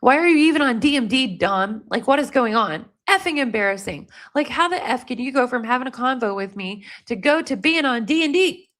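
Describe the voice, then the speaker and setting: A woman reading aloud the angry texts of an upset young woman to her boyfriend, in a rapid, exasperated way. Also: sits high, expressive, a bit bright.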